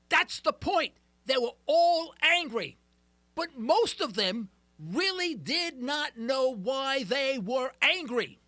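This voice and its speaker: A middle-aged male talk radio host delivers an emphatic, ranting monologue, now and then poking fun at himself. His voice sits very high and sounds bright and sharp, and his pitch swings widely. The studio sound is close and dry. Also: no echo. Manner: emphatic, ranting, self-deprecating. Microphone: studio mic.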